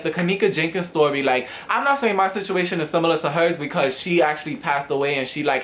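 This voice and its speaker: Young male vlogger, storytelling straight to camera, animated, voices the quotes with big jumps. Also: fairly high pitch. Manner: animated, swings into loud re-enactments of quotes.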